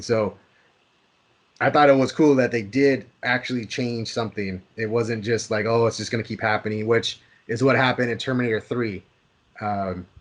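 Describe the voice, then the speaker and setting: Chatty man restarting his sentences. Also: medium pitch. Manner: chatty, repeats and restarts words, acts out reactions in quotes. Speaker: podcast co-host. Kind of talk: casual movie discussion.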